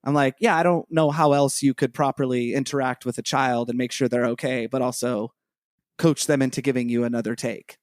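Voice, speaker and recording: A man's voice: mid-range voice, fairly even intonation, fairly quick, darkish tone, no room sound, studio quality. A man co-hosting a podcast who talks in a rambling, enthusiastic way, full of "you know". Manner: rambling, enthusiastic, lots of fillers. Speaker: podcast co-host. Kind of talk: casual podcast chat.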